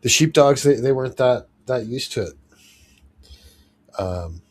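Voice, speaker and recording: Husky, easygoing man reading chat. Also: medium pitch, lively intonation, unhurried, a little mellow. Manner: easygoing, many fillers, reads chat. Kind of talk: casual livestream chat.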